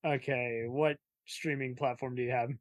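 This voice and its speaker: A man hosts a loose, joking conversation and keeps pitching playful ideas to his guests. His voice sits in a middle register and is recorded dry and close, with no room sound. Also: fairly even intonation, moderate pace, no echo. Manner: joking, suggests ideas, laughs often. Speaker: podcast host. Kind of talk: casual chat.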